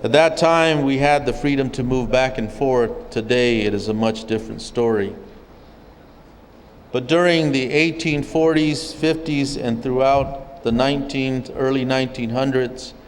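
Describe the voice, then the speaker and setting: Slow, deliberate man in a reverberant chamber. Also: medium pitch, a little hiss or hum. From O'odham community, Arizona. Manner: measured storytelling, occasional restarts. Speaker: forum speaker. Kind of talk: spoken history talk at a public forum. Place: legislative chamber at a state capitol.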